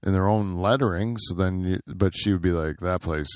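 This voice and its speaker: Rambling low-voiced man chatting. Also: normal speed, darkish tone, no room sound, studio quality. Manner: rambling, laughs often, many fillers. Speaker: podcast co-host. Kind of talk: casual chat.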